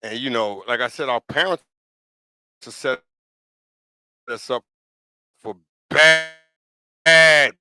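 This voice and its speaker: A podcast host with a medium-pitched, sharp-toned voice talks a little slowly and pauses often. In a casual opinion monologue, he is blunt, emphatic and repetitive, pressing his points and frequently checking in with "you know what I'm saying."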